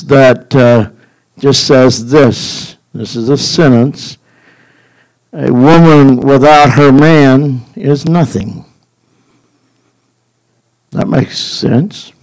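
A man preaching a sermon in a folksy, deliberate way, building to a rising, emphatic cadence. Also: medium pitch, darkish tone, poor audio.

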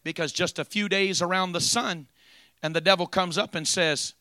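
A man preaching a sermon, moving from quiet storytelling to loud, drawn-out preaching. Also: high-pitched, fairly even intonation, no room sound, studio quality.

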